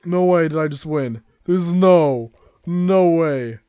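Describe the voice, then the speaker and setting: A young man giving live gameplay commentary, exasperated and excitable, breaking into yelps and laughs at the game. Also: fairly high pitch, slow pace, no room sound, clean studio sound. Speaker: gaming YouTuber.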